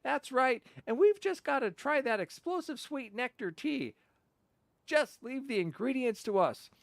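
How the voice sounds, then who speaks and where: A man squeaking as a chirpy little companion sprite. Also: lively intonation, a little slow, creaky, dry recording, full character voice. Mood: eager.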